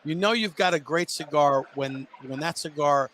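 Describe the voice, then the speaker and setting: A man's voice: on the high side, normal speed, fairly bright tone, a little hiss or hum. A man co-hosting a casual cigar and whiskey tasting chat, describing flavors with enthusiasm. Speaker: co-host. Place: Las Vegas show floor.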